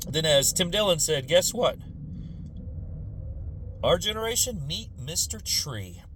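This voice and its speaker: A man's voice: on the high side, takes it slowly, a little hiss or hum. A man in his forties doing a profane, casual comedic rant about politics and generations. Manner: profane, animated, lots of quoted voices. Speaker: commentator.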